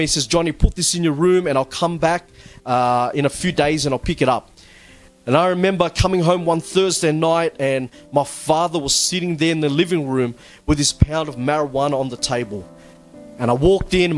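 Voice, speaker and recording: Man, higher-pitched voice, earnest personal testimony, halting with repeated words, faint music underneath. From Australia. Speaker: church testimony speaker. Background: faint background music.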